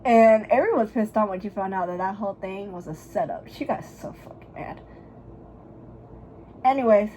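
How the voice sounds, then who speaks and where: A young woman vlogger chatting casually while doing her makeup, retelling a story in a gossipy, profane, dramatic way and bursting into loud, high laughs. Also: expressive, moderate pace, slight background noise, rough recording.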